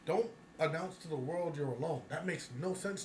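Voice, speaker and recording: A man talking casually on a talk show, blunt and profane, breaking into laughter as he rants. His voice rings in a noticeably echoey room. A steady hiss of noise sits under the whole recording. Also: a little high, a little fast, hardly any pauses. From United States. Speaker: podcast co-host. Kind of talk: casual chat.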